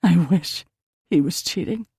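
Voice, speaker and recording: A woman narrator voicing a frightened middle-aged mother who talks in a low, tense hiss. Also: normal speed, warm tone, slightly rough, no room sound, studio quality, lightly acted. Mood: sorrowful.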